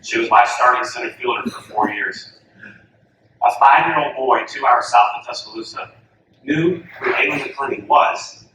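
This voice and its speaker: A man giving a coaching talk to an audience, telling a lively story and acting out the voices of the people in it. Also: mid-range voice, moderate pace. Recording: echoey hall from far off, faint room noise.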